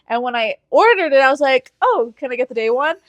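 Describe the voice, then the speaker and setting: A woman co-hosting a podcast, telling stories in a casual chat, animated and teasing, laughing often and swearing casually. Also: high voice, fast talker, no echo. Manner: animated storytelling with frequent laughs. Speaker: podcast co-host.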